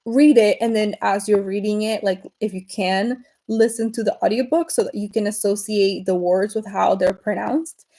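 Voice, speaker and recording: Mellow-voiced woman chatting on a livestream. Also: mid-range voice, steady tone, normal speed, hardly any pauses, low-quality recording. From Venezuela. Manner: rambling, frequent fillers and restarts. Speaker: livestream host. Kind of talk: casual livestream chat.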